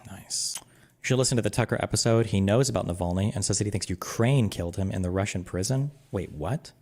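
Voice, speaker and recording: A man's voice: on the low side, quick pace, a little mellow. A man reacting to a clip on his livestream with sarcastic, exasperated asides.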